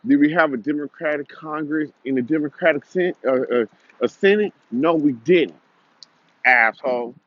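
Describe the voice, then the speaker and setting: A man's voice: fairly high pitch, moderate pace, no echo, lo-fi sound. A young man delivering a heated, repetitive, confrontational commentary rant.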